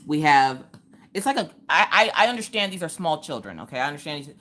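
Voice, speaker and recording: A woman in her thirties hosting a live crafting stream, telling stories in a lively, chatty, colloquial way. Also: deep voice, quick pace. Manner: animated, chatty storyteller, colloquial. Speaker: craft livestream host. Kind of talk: casual chat and storytelling. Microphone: streaming from home.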